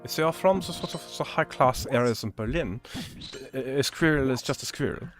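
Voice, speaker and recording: Over music, a man hosts a gaming stream and chats casually while he plays. His voice sits at medium pitch and moves fairly quickly, and he thinks aloud in a musing, hesitant way with lots of fillers.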